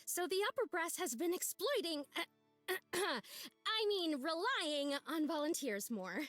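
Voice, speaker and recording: A woman's voice: extremely high pitch, expressive, takes it slowly, fairly bright tone, faint music behind, pitched above the performer's own voice, full character voice. A woman voicing a cheerful, overworked park volunteer with a sing-songy voice while reading a visual novel aloud. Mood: chirpy.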